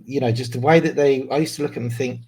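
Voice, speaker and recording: Male podcast host, keen and talkative, mid-pitched everyday voice. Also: fairly even intonation, very fast, a little mellow, breathy edge. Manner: enthusiastic, chatty, laughs often. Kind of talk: casual interview chat.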